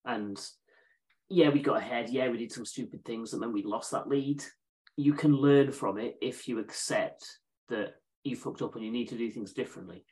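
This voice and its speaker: A man's voice: mid-range voice, moderate pace, a little mellow, poor audio. A man co-hosting a casual sports podcast, outspoken and mocking. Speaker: podcast co-host.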